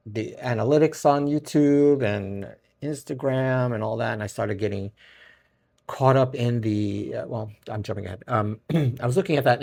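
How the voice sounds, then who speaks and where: A man's voice: fairly low pitch, darkish tone. A middle-aged man with a Brooklyn accent hosting a casual solo podcast, rambling and often restarting his sentences. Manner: rambling, self-correcting, chuckles often. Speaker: podcast host.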